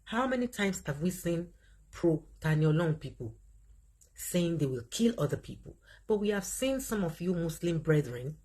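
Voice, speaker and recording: A Nigerian woman hosting a livestream, commenting in an animated way and reading out viewer comments as she speaks straight to her audience. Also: fairly low pitch, normal speed, slightly rough. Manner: animated, talks straight to viewers, laughs often. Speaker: livestream host.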